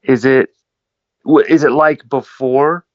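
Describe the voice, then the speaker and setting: A man's voice: medium pitch, fairly even intonation, slow pace, no room sound. Give me a hesitant male player, dry and a bit muffled. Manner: hesitant, filler-heavy. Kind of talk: casual tabletop play.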